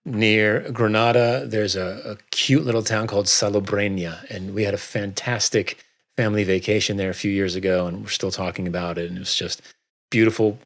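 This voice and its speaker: A middle-aged man guesting on a podcast, talking in a relaxed, rambling way with many fillers. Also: fairly low pitch, brisk. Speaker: guest author. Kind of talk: casual interview chat.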